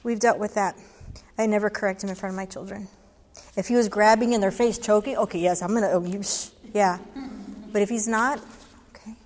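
A woman's voice: mid-range voice, fairly even intonation, fairly quick, darkish tone, slight background noise. Woman, candid advice talk, conversational, long hall reverb. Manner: candid, conversational, quotes her own exchanges. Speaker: speaker answering audience questions.

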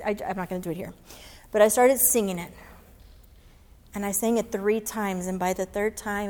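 A woman police chaplain speaks to an audience, earnest and heartfelt, slipping into the voices of the people in her story. Her voice sits at an ordinary middle pitch. A long hall reverb trails each phrase. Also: brisk, darkish tone. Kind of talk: inspirational storytelling speech.

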